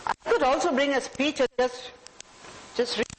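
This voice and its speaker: A woman's voice: high voice, normal speed, slight background noise, poor audio. Indian woman giving a live motivational talk. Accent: Indian English. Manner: warm, direct, addresses audience members by name. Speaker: motivational speaker. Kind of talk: live talk to a small audience. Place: talk room with live audience.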